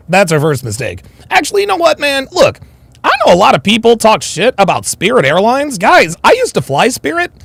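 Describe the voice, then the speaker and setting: Mocking man with a lively, gravelly voice. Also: high voice, normal speed, dry recording. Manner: mocking, reads chat comments aloud. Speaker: livestream host. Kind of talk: casual livestream commentary.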